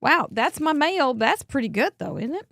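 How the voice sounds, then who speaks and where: A woman hosts a live cardmaking stream, chatting casually, exclaiming, and laughing often as she shows viewers' cards. Her high voice is very animated, gravelly, and fairly bright, at normal speed with no room sound. She's coughing, her throat dry.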